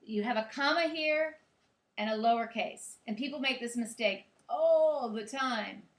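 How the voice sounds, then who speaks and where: A woman's voice: fairly high pitch, unhurried. A woman teacher giving a grammar lecture in a classroom, explaining step by step and checking in with her students. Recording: echoey classroom.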